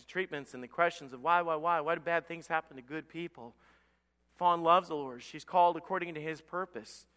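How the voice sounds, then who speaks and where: A man's voice: a little high, bright, forceful tone, long reverb tail. A man preaching a sermon as pastor, impassioned and often repeating himself in stammered restarts.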